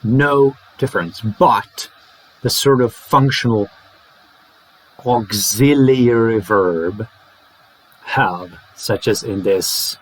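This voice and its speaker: A man with a Czech first language teaching English in a playful way, acting out phrases slowly and fast. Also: mid-range voice, rough recording. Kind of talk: English lesson to camera.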